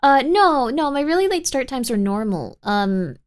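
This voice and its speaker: A young woman with a slightly high voice talks casually to her stream from a home setup. She rambles in a bubbly way, leaning on "like" and little fillers as she answers chat and thanks viewers. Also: very animated, moderate pace. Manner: bubbly and rambling, filler-heavy with frequent 'like'. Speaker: livestream host.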